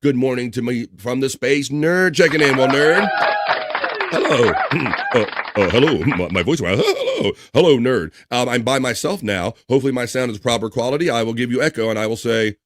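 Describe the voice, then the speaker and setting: A man's voice: mid-range voice, fairly quick, noisy background. A man hosting a casual live stream, reading viewer comments aloud, joking and laughing often. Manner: chatty, laughs often, reads chat names aloud. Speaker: livestream talk show host.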